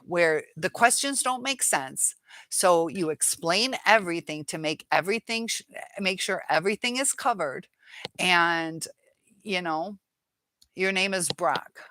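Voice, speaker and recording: A woman's voice: on the low side, measured pace, sharp tone. A woman hosting a live chat, reading viewer comments aloud and answering them frankly, with exasperation.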